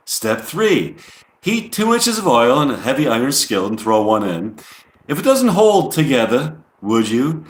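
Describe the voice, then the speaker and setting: A man's voice: on the high side, echoey room, pitched above the performer's own voice. A man voicing a female rock singer in a put-on New York accent, reading out a recipe list in a raised voice. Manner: reads ingredient lists in a raised, sing-song put-on voice.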